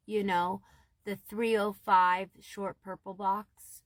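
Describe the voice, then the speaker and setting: A woman's voice: mid-range voice, level tone, slow pace, no echo. A woman casually telling an emotional, rambling story to her viewers, often saying "you guys". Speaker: TikTok storyteller. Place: Southwest Florida.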